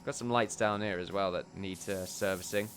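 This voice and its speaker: A man's voice: deep voice, fairly even intonation, fairly quick, a bit bright, faint music behind. A man giving chatty, rambling let's play commentary at a desk mic, tossing in jokey asides. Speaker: gameplay commentator.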